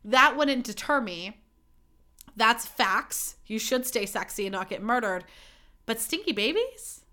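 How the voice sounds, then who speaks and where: A woman's voice: a little high, animated, measured pace, bright, forceful tone. A young woman hosting her own podcast, chatting candidly and swearing freely in a self-mocking way. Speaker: podcast host. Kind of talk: casual solo podcast chat.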